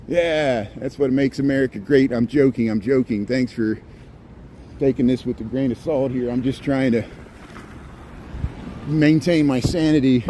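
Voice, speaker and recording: A man's voice: mid-range voice, fairly even intonation, normal speed, long pauses, mellow. Man in the middle range, walking outdoors and rambling to his live-stream chat on a phone mic, with light street noise behind him. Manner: rambling, chatty, reads out viewer comments. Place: outdoors on city streets at evening.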